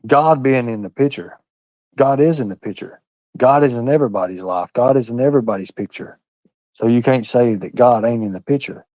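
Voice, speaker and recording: A man's voice: medium pitch, a little fast, warm tone, no echo, highs cut off. A man hosting a livestream, talking in a blunt, profane, preachy way with folksy phrasing like "by God" and "ain't". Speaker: livestream host. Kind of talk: heated livestream rant.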